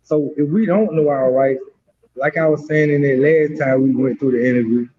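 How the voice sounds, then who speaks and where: A man talking as a guest by phone, halting and rambling with many fillers. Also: mid-range voice, mellow, a little hiss or hum. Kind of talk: casual talk on a phone line. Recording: dull lo-fi phone call.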